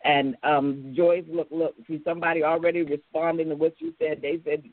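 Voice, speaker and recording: A woman's voice: low voice, flat delivery, fairly quick, no room sound. A woman hosting a call-in radio talk show as a minister, talking with style affirmations and frequent laughter. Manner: warm church-style affirmations, laughing often. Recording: tinny phone-like broadcast sound, dry.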